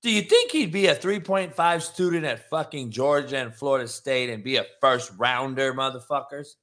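Sports show host guy going off, cussing a lot, mocking people, bright voice. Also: medium pitch, moderate pace. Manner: profane, combative, mocking, swings from loud to hushed. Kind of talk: sports opinion rant.

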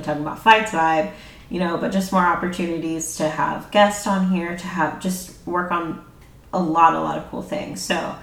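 A woman hosting her own podcast, chatting casually and loosely, laughing often, with plenty of fillers. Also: low voice. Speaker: podcast host. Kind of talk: casual solo podcast chat. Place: home room. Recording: roomy, a bit distant from the mic.

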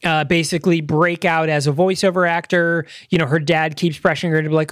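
A man's voice: on the high side, level tone, fairly quick, hardly any pauses, a bit bright, no echo, clean studio sound. A man co-hosting a movie review podcast, talking loosely with many fillers and restarts. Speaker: podcast co-host. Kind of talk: casual movie review chat.

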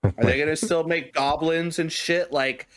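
A man's voice: on the high side, fairly even intonation, moderate pace, a loud crowd. A man co-hosting a podcast in casual chat, swearing often and laughing a lot as he rants. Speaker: podcast co-host.

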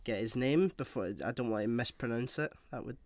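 A man chats on a casual podcast, teasing his co-host in a dry way and stumbling through fillers before he makes his point. His voice sits at an ordinary middle pitch. The recording is close and dry. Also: fairly quick, a little mellow, no echo.

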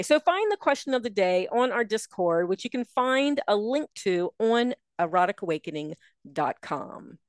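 A woman's voice: fairly high pitch, smooth, dry recording. A middle-aged woman co-hosting a podcast, chatty and upbeat, sharing show news and laughing easily. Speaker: podcast co-host. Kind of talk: casual chat and show announcements.

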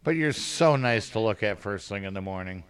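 A man's voice: lowish voice, lively intonation, a little fast. A man joking around in casual chat with friends. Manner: joking, playful.

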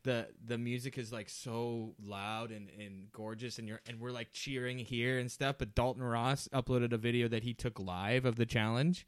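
A man's voice: mid-range voice, fairly even intonation, moderate pace, few pauses, clean tone, dry recording. A man co-hosting a podcast, rambling casually and laughing often. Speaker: podcast co-host. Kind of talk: casual chat.

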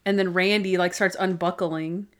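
A woman's voice: fairly low pitch, fairly even intonation. A woman co-hosting a casual podcast, chatting about favorite scenes from a TV show and acting out bits of dialogue as she goes. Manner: chatty, retells scenes with quick quoted voices and laughter. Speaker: podcast co-host. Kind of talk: casual chat recapping a TV show.

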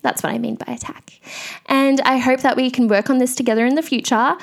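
A woman's voice: high-pitched, fairly even intonation, fairly quick, vocal fry. Chatty woman podcast host. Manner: candid, chatty rant with frequent fillers. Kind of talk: solo podcast monologue.

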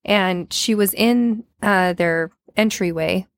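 A woman's voice: mid-range voice, takes it slowly. A woman co-hosting a podcast, casually telling a story with lots of filler words. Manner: chatty, retells a story with many filler words.

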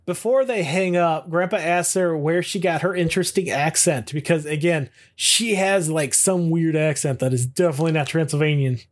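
A man's voice: a little high, moderate pace, few pauses. A man co-hosting a podcast, recapping a TV episode in casual chat and laughing often as he retells it. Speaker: podcast co-host.

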